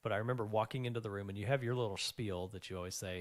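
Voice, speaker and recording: Deep-voiced man telling long anecdotes. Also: fairly quick. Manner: rambling, animated anecdotes with many fillers. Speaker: guest, financial planner. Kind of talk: casual storytelling interview.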